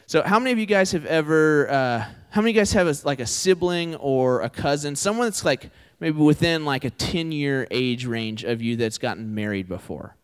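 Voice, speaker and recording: A man's voice: a little high, expressive, moderate pace, hardly any pauses, clear, resonant tone. A man in his twenties giving a conversational sermon, often putting questions to his listeners. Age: 20s. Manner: conversational, asks the audience questions. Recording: hall with long reverb.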